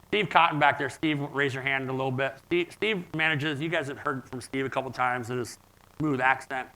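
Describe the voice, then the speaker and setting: A man's voice: mid-range voice, bright, forceful tone, low-quality recording. A man in his forties giving a conference keynote, telling stories and putting questions to the audience. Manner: storytelling, engaging audience with questions. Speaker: keynote speaker. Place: conference event room.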